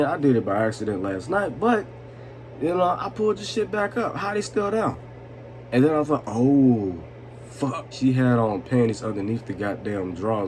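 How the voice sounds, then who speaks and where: Tipsy guy rambling through a story, lots of cussing and laughing, mid pitch, bit of hiss behind him. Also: darkish tone. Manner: loose, swearing, laughing, asks "you know what I'm saying". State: tipsy from vodka. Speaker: vlogger telling a story. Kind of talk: drunk storytime, casual and profane.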